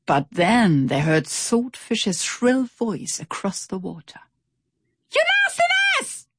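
A woman reading a children's storybook aloud in an expressive, animated way. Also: on the low side, slow, husky, no echo, studio quality. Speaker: narrator. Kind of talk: storybook narration.

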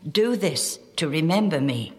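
A woman voicing a calm, gentle adult male teacher in a measured tone, in a read-aloud Bible story. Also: low voice, big-room sound.

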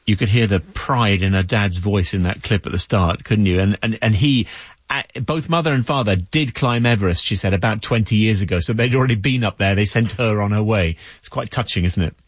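A male radio presenter with a low, husky voice keeps a live news show moving briskly. The sound is dry and close. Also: no echo.

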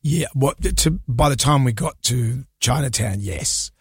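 A man's voice: medium pitch, a little slow, husky, dry recording, clean studio sound. A man with an Australian accent hosting a radio show, telling a story in casual banter and laughing often. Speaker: radio host. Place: radio studio. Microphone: studio mic.

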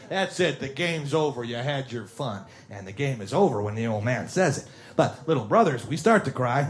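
A man's voice: medium pitch, expressive, moderate pace, few pauses. A man doing stand-up, rambling through family stories and acting out the voices in them. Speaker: stand-up comedian. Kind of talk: stand-up comedy.

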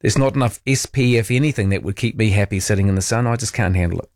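A man's voice: fairly low pitch, fast, darkish tone. A man hosting late-night talkback radio, chatty and opinionated, with sarcastic asides. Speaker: radio talk show host. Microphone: close studio mic.

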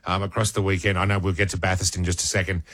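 A man's voice: deep voice, flat delivery, rapid-fire, a bit bright, no echo. An Australian man hosting breakfast radio, chatty, enthusiastic and joking in casual banter. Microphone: studio microphone.

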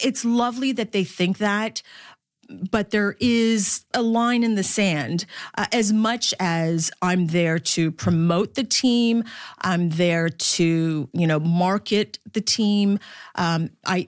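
A middle-aged woman who works as a baseball broadcaster, speaking as an interview guest in a lively, laughing, storytelling way. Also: mid-range voice, no room sound, clean studio sound. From Philippines.

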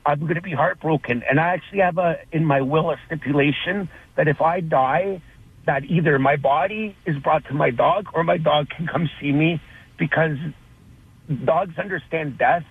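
A man's voice: a little high, normal speed, slightly rough, no echo. A man calling in to a radio show, talking in a heartfelt, rambling, emotional way. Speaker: caller. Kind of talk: phone-in call. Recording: tinny phone line with faint noise.

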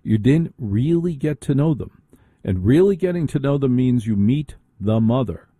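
A man's voice: mid-range voice, animated, moderate pace, warm tone, slightly rough, no echo. A man hosting a call-in radio show, talking bluntly and conversationally on a close studio mic. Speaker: radio talk show host. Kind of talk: opinionated radio talk.

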